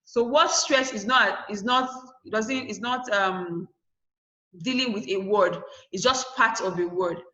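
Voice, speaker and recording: A woman's voice: medium pitch, pushed and bright, reverberant, lo-fi sound. A woman teaching an online class, posing "what?" questions to her students and answering them herself, repeating key points. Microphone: video call.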